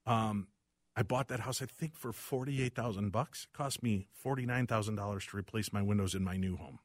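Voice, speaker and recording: A man hosting a casual talk show, telling animated, self-deprecating stories about his house. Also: fairly low pitch, a little fast, no room sound, studio quality. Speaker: radio show host. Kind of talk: casual chat.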